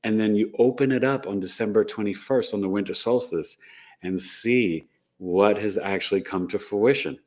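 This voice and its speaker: A man's voice: fairly low pitch, moderate pace, darkish tone. A man hosting an astrology show, talking casually and rambling, often ending points with "right?". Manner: rambling, tags sentences with "right?". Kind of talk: casual live-stream talk.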